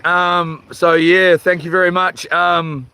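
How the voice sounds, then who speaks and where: A New man streaming from a fishing rock, chatting in a halting, rambling way as he reads viewer comments, his voice a little rough and tired. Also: high voice, level tone, sharp tone, slight background noise. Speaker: livestream host. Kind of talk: casual livestream chat. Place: outdoors on a rock by the water at night. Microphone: phone.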